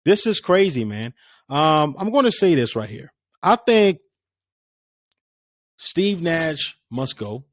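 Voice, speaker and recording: Speaking at a measured pace in a fairly high, sing-song voice, a man hosts a casual solo sports podcast. He rambles conversationally, with many fillers and restarts.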